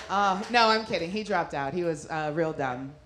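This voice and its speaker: A woman doing stand-up comedy, telling a story in a brash, profane way and laughing through her lines on stage in a noisy club. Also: fairly low pitch.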